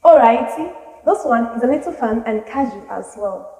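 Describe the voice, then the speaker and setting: A woman presenting an English vocabulary lesson, acting out example phrases with lively, expressive intonation. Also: on the high side, moderate pace. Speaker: English teacher. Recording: echoey room with long reverb.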